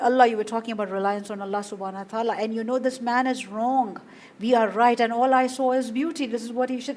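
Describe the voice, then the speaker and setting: A woman's voice: high-pitched, a little mellow. A woman reflecting on faith and courage in a religious discussion, speaking in short, fervent phrases.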